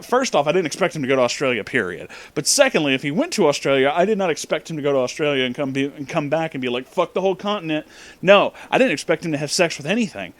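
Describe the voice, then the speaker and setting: A man telling a story in a casual, profane rant, breaking into loud disbelieving outbursts. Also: a little high, no room sound. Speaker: storytelling vlogger.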